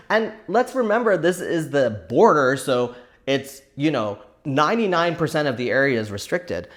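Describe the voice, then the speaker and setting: A man's voice: fairly high pitch, normal speed. A man hosting a casual crafting vlog, telling a rambling story with lots of "like" fillers and laughter. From Canada. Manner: animated, laughing, frequent "like" fillers.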